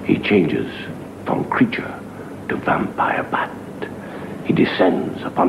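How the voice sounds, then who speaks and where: A man telling a comic horror story with a dramatic delivery, dropping to a hushed whisper and swelling again. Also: low-pitched, expressive, takes it slowly, gravelly, pauses often. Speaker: comedian storyteller. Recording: dull hissy old TV recording.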